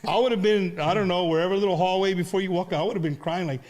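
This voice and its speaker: A man from Texas hosts a podcast interview with loose, excitable energy. His voice sits a bit high for a man, and he talks in slang, mixing in Spanish phrases. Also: fast. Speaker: podcast host. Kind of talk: casual interview.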